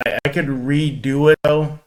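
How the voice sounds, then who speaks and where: A man co-hosting a podcast in casual chat, animated and repeating words as he talks. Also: on the high side, moderate pace. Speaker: podcast co-host.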